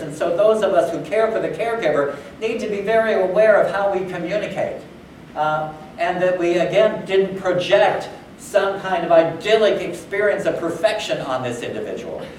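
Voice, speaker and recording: A man's voice: on the high side, slight background noise. A man giving a conversational conference talk, with plenty of fillers, who acts out the dialogue he quotes. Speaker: conference speaker. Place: conference hall. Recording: echoey hall, far from the mic.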